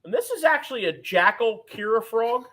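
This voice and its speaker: Casual male shop host, high bright voice, hands-on gear talk. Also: lively intonation, moderate pace. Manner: talkative, explains gear hands-on. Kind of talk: casual live-stream chat. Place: tackle shop.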